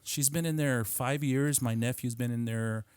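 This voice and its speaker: A man's voice: medium pitch, normal speed, smooth, no echo. A middle-aged man hosting a podcast, telling stories animatedly and swearing freely. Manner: animated, profane, acts out quotes. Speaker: podcast host. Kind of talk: casual storytelling chat.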